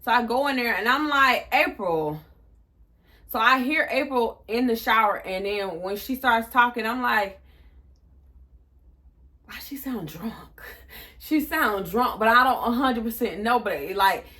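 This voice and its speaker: Young female vlogger, twenties, crisp bright tone, casual profane storytelling. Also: a little high, moderate pace. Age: 20s. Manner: animated, profane, acts out quotes.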